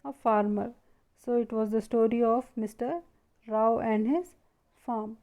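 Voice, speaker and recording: Heard over phone-quality sound, a woman with a fairly high voice and fairly even intonation teaches primary schoolers in a classroom lesson video. Her pace is slow, and she asks questions only to answer them herself.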